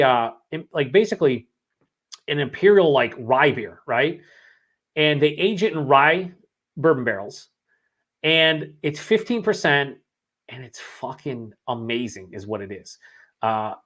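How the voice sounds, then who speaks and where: A young man hosting a long live beer vlog, rambling casually and swearing often as he reads out chat comments, his voice worn from hours of talking. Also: a little high. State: voice worn after hours of streaming.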